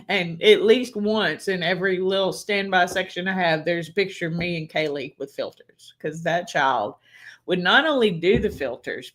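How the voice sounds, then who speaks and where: A woman hosting a live stream, chatting casually and telling rambling stories between laughs. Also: mid-range voice. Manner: rambling, chatty storyteller who laughs often. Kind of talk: casual chat.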